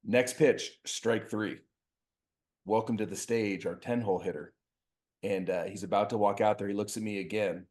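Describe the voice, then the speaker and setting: Animated man telling a coaching story. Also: fairly low pitch, moderate pace. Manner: animated storyteller, acts out dialogue. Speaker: youth baseball coach and podcast co-host. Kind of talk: casual storytelling chat.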